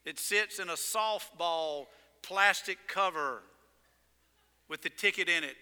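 A male pastor preaching a sermon in a church, telling stories in an animated way and hitting words with sudden loud emphasis. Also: high-pitched, slow, smooth. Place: church sanctuary. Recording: long reverb in a church sanctuary.

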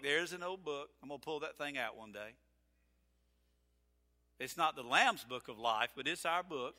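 A pastor preaches a storytelling sermon in a church sanctuary, talking in a conversational way and restarting his sentences often. His voice is bright and sharp and sits a little high for a man. Long reverb from the large room trails behind each phrase.

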